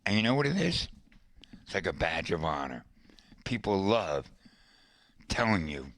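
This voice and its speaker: A man with a lowish voice spins a casual story at a slow, easy pace, breaking off for asides to a friend in the room. The sound is dry and close, with no room around it. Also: very animated, a bit bright, no room sound. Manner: conversational, colorful storyteller with asides. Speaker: podcast host.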